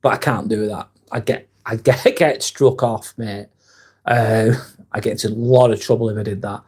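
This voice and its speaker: A man's voice: fairly low pitch, fairly even intonation, normal speed, a little mellow, breathy edge. A man hosting a live stream, reading viewers' chat aloud and answering in a blunt, casual way with plenty of swearing. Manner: blunt, swears freely, reads comments aloud and answers them.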